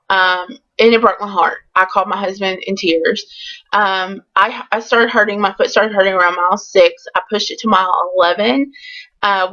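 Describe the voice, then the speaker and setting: A woman's voice: mid-range voice, pushed and bright, highs cut off. A woman telling a candid, chatty storytime in a casual vlog. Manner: chatty and candid, with many ums. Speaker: vlogger.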